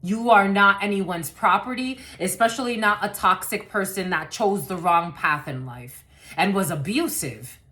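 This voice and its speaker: A woman's voice: mid-range voice, unhurried, bright, forceful tone. A woman giving a collective tarot reading to camera, blunt and rambling, swearing freely and laughing often. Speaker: tarot card reader.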